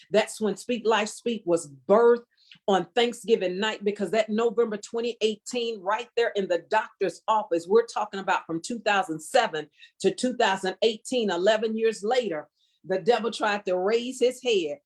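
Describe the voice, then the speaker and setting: A woman's voice: medium pitch, moderate pace. A middle-aged woman sharing a fervent personal testimony as a guest, preacher-like and emphatic, repeating phrases for weight. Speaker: guest speaker.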